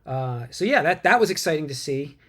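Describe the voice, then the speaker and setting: A man hosting a casual movie news podcast from home, rambling and tripping over names, quick to laugh. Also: fairly high pitch, very animated, pushed and bright. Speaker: podcast host.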